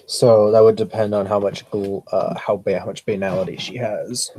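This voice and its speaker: A man's voice: lowish voice, fairly even intonation, normal speed, dark tone, dry recording. A man player talking through game rules, hesitant and thinking aloud. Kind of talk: tabletop role-play, rules talk.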